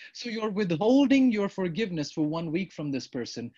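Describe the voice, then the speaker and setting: Husky-voiced male preacher. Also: high-pitched, normal speed. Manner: animated, acts out quoted prayers and replies. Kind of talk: sermon. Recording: dull lo-fi sound.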